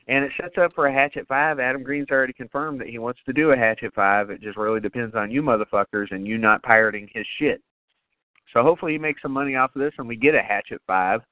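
A man co-hosting a podcast, chatting casually and profanely about horror movies with excitement and jokes. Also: medium pitch, fast talker, no room sound, narrow, tinny audio. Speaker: podcast co-host.

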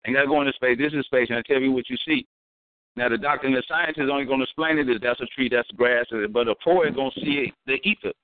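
A man telling stories in a casual chat, animated and profane, repeating words as he thinks. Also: mid-range voice, fast talker, no room sound. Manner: animated, acts out voices in his stories. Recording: tinny phone-like sound, dry.

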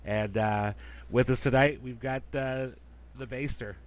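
Man, podcast host, casual chat, rambling with ums and uhs, mid-pitched voice. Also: steady tone, measured pace. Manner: rambling, filler-heavy.

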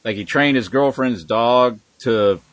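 A man's voice: medium pitch, measured pace, dry recording. A man hosting a podcast in casual chat, rambling and swearing with emphatic bursts. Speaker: podcast host.

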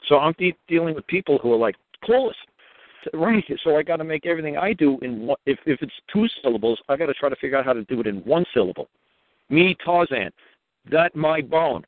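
A man's voice: a little high, dry recording. Guy rambling on a phone call, emphatic, sounds tinny and dry. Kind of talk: casual phone-in talk.

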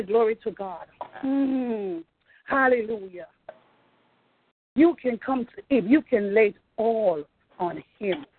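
A woman's voice: high-pitched, breathy edge, dry recording. A woman pastor preaching a fervent sermon, repeating phrases and calling out praise. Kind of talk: sermon over a phone line. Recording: tinny phone line.

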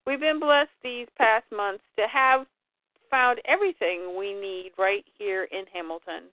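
A woman reading out a gentle middle-aged male superhero and loving husband, lowering her voice a little. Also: measured pace, dry recording, natural voice. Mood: tender. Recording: dry, phone-like line.

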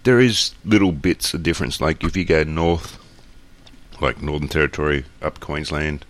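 A man's voice: rumbling low, moderate pace. An Australian man co-hosting a podcast in casual chat, blunt and joking, rambling on. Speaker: podcast co-host.

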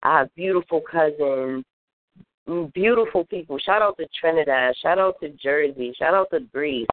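A woman's voice: sits low, moderate pace, no echo. Woman, guest rapper, earnest, upbeat, dry phone-line sound. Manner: earnest and upbeat, lists things fondly. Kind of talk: interview answers. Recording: tinny phone-line audio.

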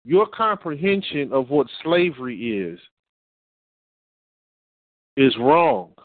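A man preaching in an emphatic lecturing style, repeating lines slowly for stress. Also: medium pitch, sing-song, no echo. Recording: tinny phone-like audio.

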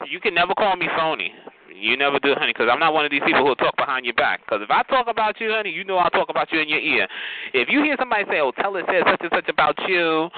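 Sassy guy calling everyone honey and child, cussing on a chat line, pitchy and all over the place, noisy phone sound. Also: narrow, tinny audio. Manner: sassy, profane, calls listeners honey and child.

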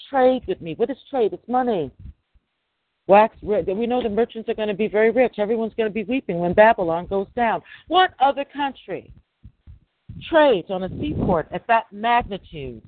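A middle-aged man, a podcast host, giving a preachy religious monologue full of rhetorical questions. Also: high-pitched. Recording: dry, tinny phone-line sound.

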